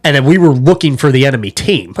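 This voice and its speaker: A young man with a mid-range voice tells his stories as a podcast guest. His delivery is casual, profane and animated, and he laughs his way through the punchlines. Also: medium pitch, fast talker. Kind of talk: casual storytelling.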